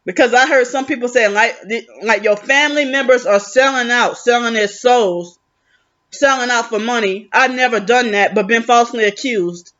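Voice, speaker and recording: A woman's voice: fairly high pitch, moderate pace, a bit bright, muffled recording. A woman venting in a rambling, aggrieved vlog monologue, often restarting her sentences. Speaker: vlogger.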